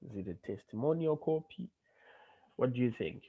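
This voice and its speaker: A man's voice: medium pitch, animated, moderate pace, gravelly, slightly rough, narrow, tinny audio. A male teacher running a class discussion, explaining terms and asking questions with frequent okays.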